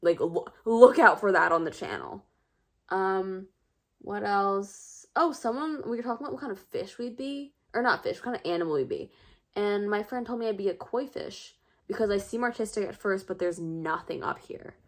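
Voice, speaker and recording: A woman's voice: medium pitch, animated, normal speed. A teenage girl vlogging in a casual, rambling, self-mocking monologue full of filler words. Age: teens.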